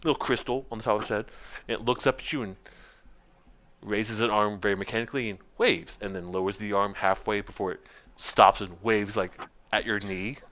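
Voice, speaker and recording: A man's voice: fairly low pitch, fairly even intonation, a little fast, fairly bright tone. Game master guy rambling through a scene, lots of ums, dull lo-fi sound. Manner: casual, rambling narration with fillers. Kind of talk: narrating a tabletop game.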